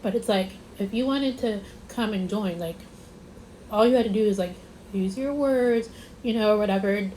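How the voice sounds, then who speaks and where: A woman's voice: mid-range voice, moderate pace, warm tone, a little hiss or hum, low-quality recording. A young woman vlogger telling a casual storytime, rambling with lots of "like" and stressing her points. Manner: rambling, repeats herself, lots of "like".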